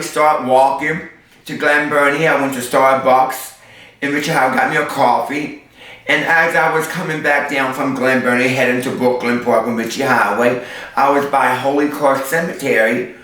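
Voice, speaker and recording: A man's voice: a little high, sharp tone. A man who works as a street performer, telling stories in an interview in a sassy way and using sound effects. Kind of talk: storytelling interview. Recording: echoey, mic far off.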